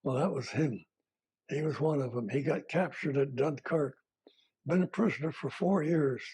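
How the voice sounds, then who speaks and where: An older retired army veteran man recalling his service in a plain-spoken, halting way, with fillers and self-corrections. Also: fairly high pitch, a little mellow, breathy edge. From United States. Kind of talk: oral history recollection.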